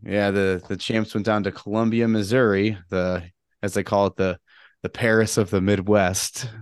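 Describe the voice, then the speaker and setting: Low-voiced man, rambling podcast co-host. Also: level tone, normal speed, smooth, no room sound, studio quality. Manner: rambling, laughing, joking. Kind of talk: casual chat.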